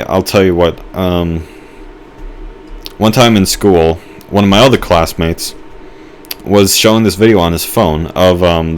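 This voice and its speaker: Young man, very low voice, rambling game commentary, hesitant with fillers, faint hiss behind. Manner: musing, hesitant, many fillers and restarts. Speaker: gamer. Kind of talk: rambling let's-play commentary.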